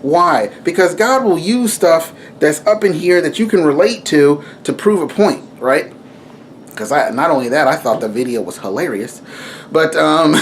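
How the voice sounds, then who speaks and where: A young man giving a casual spiritual talk to camera, rambling and animated, with frequent asides and self-corrections. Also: a little high, a little hiss or hum. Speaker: video preacher.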